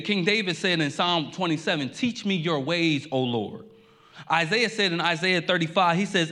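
A male pastor delivering a sermon in an earnest, emphatic way. His voice sits a little above the usual male pitch. He repeats key lines and sometimes stumbles into a quick restart. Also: bright, forceful tone.

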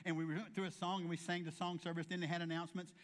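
A man's voice: fairly high pitch, little pitch movement, rapid-fire. A male pastor giving a folksy sermon, telling humorous stories and acting out the voices of the people in them. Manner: folksy storytelling with humorous asides; acts out quoted voices.

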